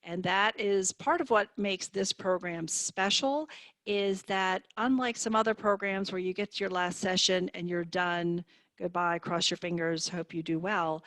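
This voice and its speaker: A woman speech therapist teaching on a video call, in a clear and encouraging manner. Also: mid-range voice, fairly bright tone, no room sound. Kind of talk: online therapy demonstration.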